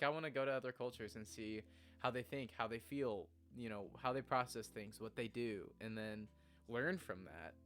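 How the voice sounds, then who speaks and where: A man's voice: mid-range voice, fairly bright tone. A young man chatting casually on a morning stream from his home room, earnest and rambling, often laughing at himself.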